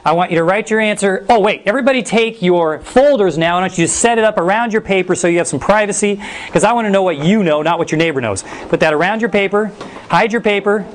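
A middle-aged male teacher giving a class brisk, playful instructions. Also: high-pitched. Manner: energetic, brisk, playful commands.

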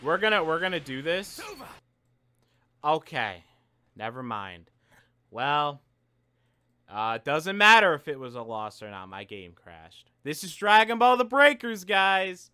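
A man's voice: fairly high pitch, very animated, measured pace, long pauses, bright, forceful tone, clear, resonant tone. A young man giving frustrated, profane commentary over his gameplay, often repeating and restarting his phrases as he rants. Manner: ranting, frustrated, swears often. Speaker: gaming video creator.

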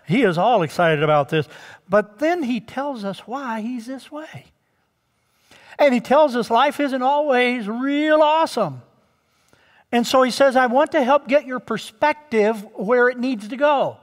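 High-voiced pastor preaching in a reverberant church. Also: male voice. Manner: emphatic, draws out key words; addresses the congregation directly. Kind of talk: sermon. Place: church sanctuary.

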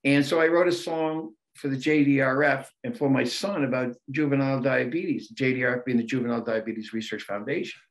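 A man's voice: mid-range voice, brisk, hardly any pauses. Chatty older male rock musician. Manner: animated storyteller, repeats words. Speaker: guest musician. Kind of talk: casual interview talk.

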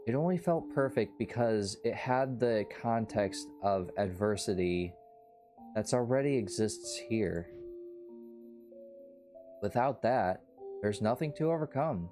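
A man takes his time reading a story game's dialogue aloud, speaking slowly and playfully, slipping in and out of put-on character voices. Faint music plays behind him. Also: lowish voice, lively intonation, mellow. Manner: slow, playful, switching between put-on voices. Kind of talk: voicing characters in a story game playthrough.

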